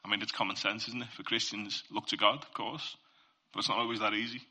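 Earnest man with a sharp, bright voice. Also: on the low side, fairly even intonation, fast talker, husky. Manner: earnest, conversational, addresses listeners directly. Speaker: Christian speaker sharing testimony. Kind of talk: informal faith talk.

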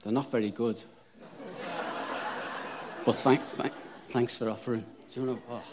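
A man's voice: mid-range voice, fairly even intonation, normal speed, noisy background. A man preaching a sermon, chatty and self-deprecating, rising to fervent emphasis on repeated phrases.

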